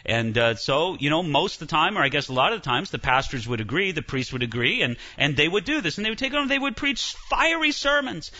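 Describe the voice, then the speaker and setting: A man giving a church history lecture, telling it as an animated story with frequent restarts. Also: on the high side, a little fast, few pauses, highs cut off.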